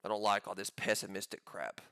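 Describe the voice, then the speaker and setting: A man giving live commentary on his own trades, pumped up and talking in quick excited bursts. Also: lowish voice, vocal fry, clean tone, no room sound, clean studio sound. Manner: hyped, pumped-up chatter with sudden bursts.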